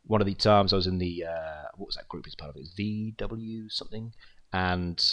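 Low-voiced man rambling through a tribute. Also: normal speed. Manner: rambling storyteller, trails off softly. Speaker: creator of an online wrestling show. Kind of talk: casual spoken tribute.

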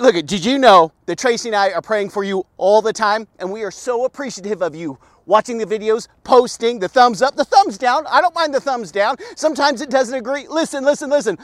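A man hosting an informal daily devotional, talking in an animated, folksy way that keeps circling back to "look at" and "okay". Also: very high-pitched, brisk, hardly any pauses, dry recording. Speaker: devotional host. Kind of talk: casual devotional talk. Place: outdoors in a park.

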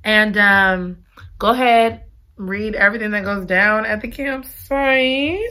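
A woman's voice: mid-range voice, slow, sharp tone. A woman reviewing a romance novel in a casual, dramatic and gushing way. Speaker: book reviewer. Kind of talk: casual chat.

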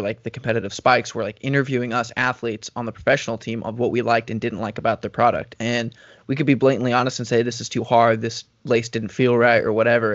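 Casual young guy talking, flat delivery, kinda dull lo-fi sound. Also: mid-range voice, no echo. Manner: relaxed, rambling, many fillers. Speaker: professional runner, podcast co-host. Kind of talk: casual chat. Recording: dull lo-fi audio.

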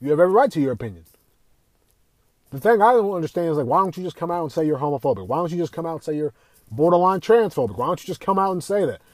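A man's voice: fairly high pitch, lively intonation, rapid-fire, no echo. Heated swearing young man. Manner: heated, swearing, repeats himself, rhetorical questions. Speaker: podcast host. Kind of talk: profane opinion rant.

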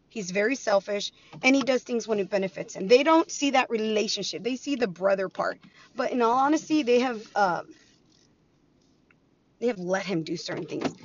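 A woman hosting a podcast in a casual monologue, animated and acting out both sides of her arguments. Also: on the high side, brisk, lo-fi sound. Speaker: podcast host.

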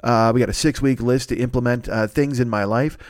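A man's voice: mid-range voice, steady tone, fairly quick, no room sound, clean studio sound. Rambling, profane man hosting a podcast. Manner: rambling, profane, self-mocking comic riffs. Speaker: podcast host. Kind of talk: solo podcast monologue. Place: at home.

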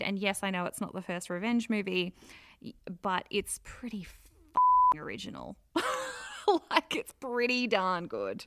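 A woman's voice: mid-range voice, wildly swooping pitch, unhurried, sharp tone. A woman co-hosting a casual film review chat, gushing with enthusiasm and acting out scenes as she retells them.

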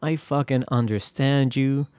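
A man's voice: medium pitch, steady tone, measured pace, mellow, smooth, no echo. A young man hosting a podcast, talking in a casual, confessional ramble full of swearing and self-mocking jokes. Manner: profane, joking, rambling. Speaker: podcast host.

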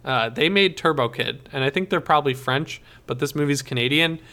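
Bright-voiced man co-hosting a podcast. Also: medium pitch, a little fast. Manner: swearing, laughing, animated. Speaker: podcast co-host. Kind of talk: casual chat.

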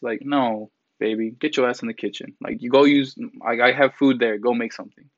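A commentary vlogger in his twenties rants casually at a quick pace, barely pausing, in a mid-range voice. He's blunt and profane, heavy on fillers, and quotes others mockingly. No echo is present, and the mic gives a dry, somewhat dull sound.

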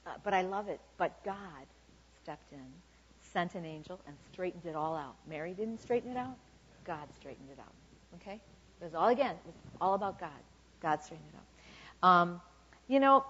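A woman in her fifties giving an informal, chatty sermon full of "okay" and "you know" asides. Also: lowish voice. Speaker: church speaker. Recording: dull lo-fi recording.

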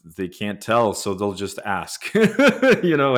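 A man's voice: fairly low pitch, lively intonation, a little slow, few pauses. A man born in the Soviet Union, hosting a podcast interview, speaking with frequent restarts and fillers. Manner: hesitant, many restarts and fillers. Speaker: podcast host.

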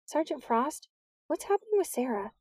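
A woman's voice: high-pitched, big pitch swings, darkish tone, dry recording, studio quality, voice pushed up. A woman narrator voicing an anxious, emotional teenage girl who talks in heated, pleading bursts. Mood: worried. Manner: heated, pleading, quick to self-pity.

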